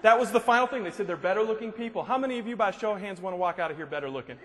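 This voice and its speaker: A man's voice: high voice, rapid-fire. A man giving a humorous motivational speech, telling jokes and stories to a live audience in a large hall. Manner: joking, animated storyteller. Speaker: motivational speaker. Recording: long hall reverb, faint noise.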